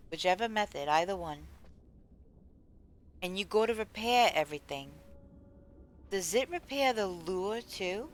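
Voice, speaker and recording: A woman with a fairly low voice chats casually while she plays a game on a live stream. She rambles and answers her chat aloud, with faint music behind her. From United States.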